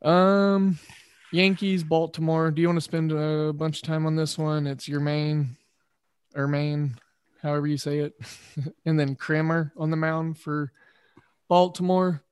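A man hosting a casual chat show, thinking aloud in a measured way with pauses and fillers. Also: fairly high pitch, little pitch movement, smooth, no room sound. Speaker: podcast host.

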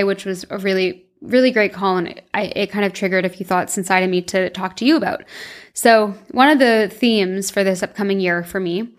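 Young woman, podcast host, casual solo chat, rambling, full of fillers, self-deprecating laughs. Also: mid-range voice. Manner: chatty, rambling, lots of "like" fillers.

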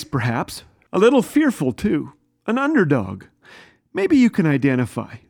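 A man hosting a radio show, telling a funny family story in an animated, self-mocking way. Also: fairly high pitch. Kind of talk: humorous storytelling.

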